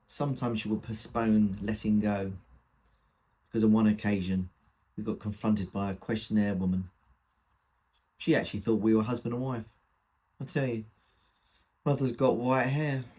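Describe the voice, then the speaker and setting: A man's voice: lowish voice, level tone, moderate pace, pauses often, warm tone, slightly rough. A man reading a comic dramatic monologue in the first person, with a wry, gossipy delivery. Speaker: reader.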